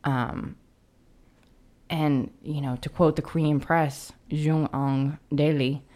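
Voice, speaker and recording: A woman's voice: sits low, steady tone, slow, mellow. A woman co-hosting a casual film podcast, hesitant, with many fillers and restarts, often reading quotes aloud. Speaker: podcast co-host.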